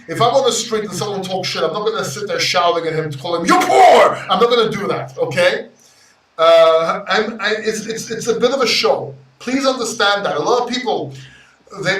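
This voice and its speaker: A Greek man hosting a crypto livestream, talking to chat in an emotional, brash way, swearing and swinging between loud and quiet. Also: high voice, recorded from a distance. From Greece. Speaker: crypto YouTuber reading live chat. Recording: roomy echo, off-mic sound.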